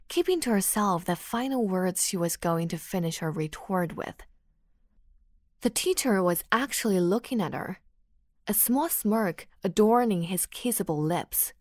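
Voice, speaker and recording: A woman narrating an audiobook romance in a measured storytelling manner. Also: medium pitch, no room sound, clean studio sound. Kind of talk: scripted narration.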